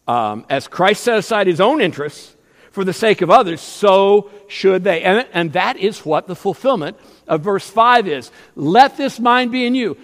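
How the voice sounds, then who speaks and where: A male pastor preaching a sermon, swinging between loud emphasis and hushed tones. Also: high voice. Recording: long reverb of a church hall.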